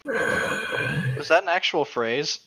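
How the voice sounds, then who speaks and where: A man's voice: a little high, lively intonation, takes it slowly, sharp tone, slightly rough, dry recording. A young man co-hosting a fan fiction reading podcast, goofy and joking. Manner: goofy, playful joker. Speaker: co-host.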